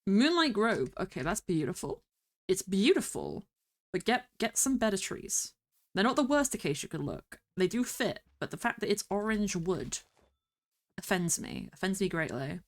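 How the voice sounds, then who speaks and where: A woman streamer rambling through casual gameplay commentary, talking to herself with bursts of excited exclamations. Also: medium pitch, normal speed. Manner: chatty, rambling self-talk with excited exclamations. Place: home streaming setup.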